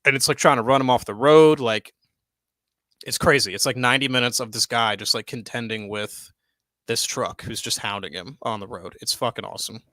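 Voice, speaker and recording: Excitable young man, bright dry voice. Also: medium pitch, a little fast, no echo. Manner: loose, excitable, swears freely, lots of "like" and "dude". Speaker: podcast co-host. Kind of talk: casual chat. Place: home studio, live stream.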